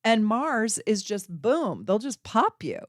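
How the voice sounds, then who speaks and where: A woman hosting an astrology channel, talking casually to camera as an animated storyteller who laughs and acts out voices. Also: on the high side, slow pace, dry recording, clean studio sound.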